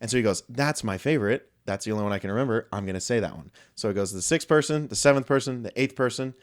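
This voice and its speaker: A young man on a casual podcast, telling a story in a loose, rambling way. He swears freely and keeps breaking off for jokey asides. His voice sits at an ordinary middle pitch. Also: rapid-fire. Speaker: podcast co-host.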